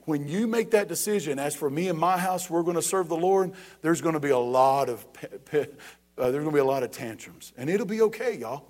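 A man's voice: on the high side, animated, brisk, a little mellow. A man preaching a sermon as pastor, emphatic and repetitive, speaking straight to the congregation.

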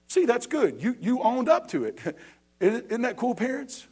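A man's voice: extremely high pitch, sing-song, measured pace, warm tone, slightly rough. A man preaching a sermon as pastor, emphatic and repetitive, speaking straight to the congregation.

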